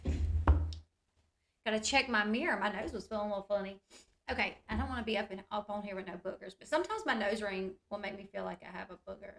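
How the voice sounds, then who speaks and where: A woman's voice: mid-range voice, fast, creaky, a bit bright. A woman talking straight to her viewers in a casual, chatty recap, full of "like" and "you guys". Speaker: reality TV recap YouTuber. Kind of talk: casual reality-show recap.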